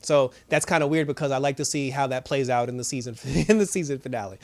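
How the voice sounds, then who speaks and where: A man casually recapping a TV episode, animated and full of fillers like "you know". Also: medium pitch, quick pace. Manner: animated storytelling, many fillers. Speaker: TV episode reviewer.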